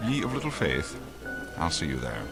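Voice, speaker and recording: A wry aging spy with a very deep voice. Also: male voice, huge pitch swings, normal speed, music in the background, full character voice. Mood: stern, reassuring. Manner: dry, sardonic, world-weary. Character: aging male spy, wry weary mentor.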